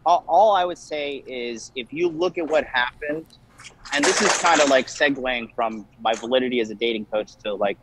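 A man's voice: mid-range voice, normal speed, very noisy. A young man, a dating coach, talking casually and defensively with many restarts. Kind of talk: casual call-in conversation.

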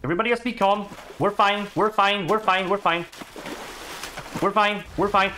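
A man giving excitable, swearing let's-play commentary while he plays a game. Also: sits high, normal speed, background noise. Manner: excitable, swears, talks to himself. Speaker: gaming streamer.

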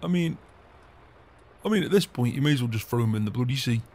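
A man voicing a gruff, beer-loving older farmer in game roleplay banter, swearing often and chuckling. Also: mid-range voice, animated, quick pace, a little mellow, slight background noise, lightly acted. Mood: jovial.

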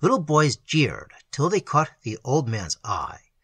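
A man narrating a fantasy short story in a dramatic, expressive reading. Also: fairly high pitch, measured pace, slightly rough, no echo.

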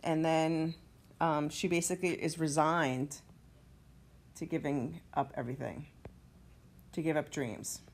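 A woman's voice: low voice, steady tone, measured pace, pauses often. A woman teacher walking students through a play, explaining the scenes and reading lines aloud with feeling. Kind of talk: literature lesson walkthrough.

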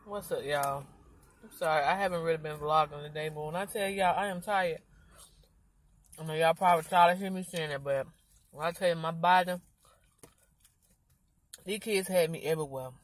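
A woman's voice: deep voice, moderate pace, long pauses, dry recording, rough recording. A pregnant mother of five, tired and out of breath, chatting casually to her vlog viewers in loose slang.

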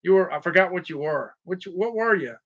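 A man's voice: sits high, lively intonation, fairly quick, fairly bright tone, dull audio. A man hosting a casual livestream, rambling, repeating himself and greeting viewers by name. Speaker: livestream shopping host.

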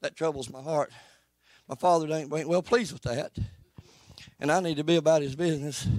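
Male preacher, folksy and earnest, high-pitched, dry close sound. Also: fairly even intonation, normal speed, a little mellow, dry recording. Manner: plainspoken, folksy and earnest, rising and falling in pitch. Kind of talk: sermon. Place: church sanctuary.

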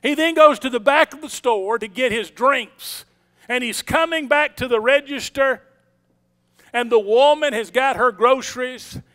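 A senior pastor preaches in a church sanctuary, his voice strikingly high, smooth and resonant, with a bright, ringing tone. He is unhurried, swinging emphatically from loud declarations up front to a hushed voice when he tells stories.

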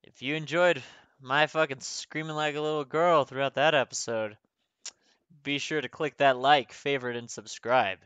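A man's voice: medium pitch, steady tone, normal speed, a bit bright, clear, resonant tone, no echo, muffled recording. A young man playing a horror game, panicking, screaming and swearing, then signing off with jokes. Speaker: gaming YouTuber. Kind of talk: horror game let's play commentary.

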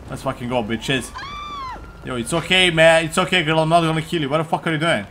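A young man doing crude, joking commentary over a video game, getting excitable and often yelling. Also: a little high, brisk, a little hiss or hum. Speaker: gaming commentator.

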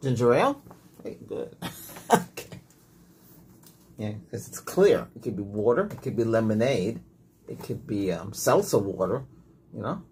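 Man in a soft whispered role-play as a doctor. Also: lowish voice, big pitch swings, a little slow, pauses often. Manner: soft, patient, gentle instructions. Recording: noisy hiss and clicks.

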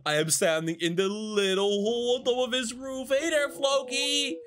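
Gleeful high-voiced man narrating a game. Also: animated, moderate pace. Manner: gleeful, mischievous running commentary. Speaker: gaming video host. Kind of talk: excited gameplay narration.

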